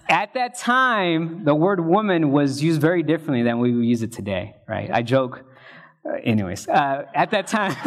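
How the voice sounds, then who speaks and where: A male pastor preaching a conversational sermon, checking in with the congregation and joking in asides. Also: a little high.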